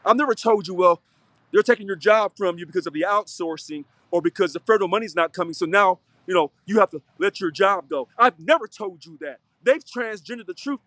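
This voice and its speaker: A man's voice: high-pitched, dry recording. A man who is a union local president, giving a preachy, fiery, repetitive unscripted video monologue.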